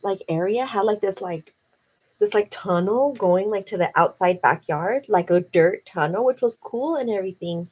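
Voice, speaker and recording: On poor audio, a young woman with a mid-range voice chats casually to viewers during a makeup livestream from her home. She calls them "girl," says "like" often, and has soft music playing underneath.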